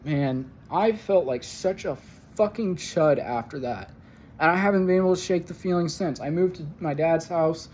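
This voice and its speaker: A young man talking through a rambling personal monologue, halting and full of fillers and swearing, his voice jumping up into pained outbursts. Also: fairly high pitch, a little mellow, a little hiss or hum. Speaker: vlogger.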